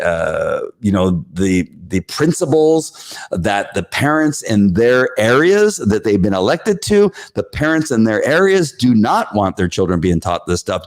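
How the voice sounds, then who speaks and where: A man hosting his own show, recapping a school board meeting in casual talk, animated and full of fillers, jumping up in pitch when he acts out the crowd.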